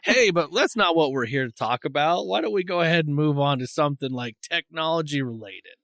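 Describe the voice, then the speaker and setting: A man's voice: a little high, expressive, a little fast, a bit bright, dry recording. A man in his thirties hosting a podcast in casual chat, joking and laughing often. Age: 30s. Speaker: podcast host.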